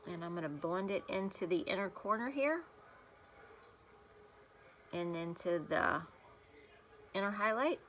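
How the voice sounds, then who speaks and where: A woman's voice: on the low side, lively intonation, a little slow, pauses often, a bit bright. A woman beauty vlogger chatting casually through a makeup tutorial, rambling and self-deprecating, filmed on her phone at home. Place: home room, filming on a phone. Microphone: phone camera.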